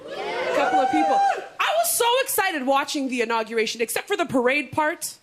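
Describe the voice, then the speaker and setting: Young woman from canada doing stand-up, high lively voice, punchy quick asides, loud noisy room. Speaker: stand-up comedian. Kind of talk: stand-up comedy set.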